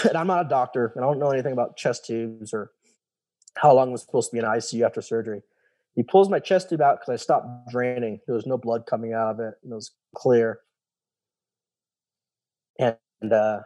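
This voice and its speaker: A man's voice: medium pitch, dark tone, no echo. A young man casually recounting his own story, rambling and retelling what others said to him. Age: young adult. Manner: loose, rambling, retells dialogue with "he's like". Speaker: guest telling his story.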